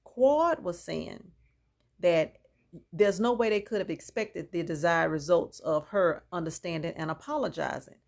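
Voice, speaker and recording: Her voice is on the low side, creaky and a little mellow, animated yet unhurried. She recaps a reality TV episode for her viewers in a chatty, opinionated, gossipy way, mixing in reactions.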